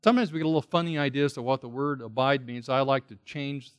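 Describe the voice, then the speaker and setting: A man's voice: mid-range voice, quick pace, clean tone. A man preaching an expository Bible sermon, explaining Greek words and stressing his points through repetition and questions to his listeners. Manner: emphatic, repeats key words for stress.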